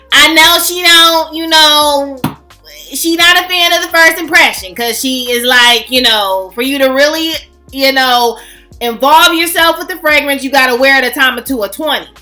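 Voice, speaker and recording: Brief: high, bright woman, animated gushing vlog host, faint music under. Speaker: fragrance channel host. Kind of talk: casual chatty vlog.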